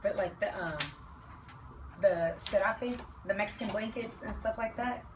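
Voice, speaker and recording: A woman's voice: mid-range voice, moderate pace. A woman co-hosting a talk radio discussion, chatty and telling stories as she joins in. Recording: roomy studio, mic at a distance, faint noise.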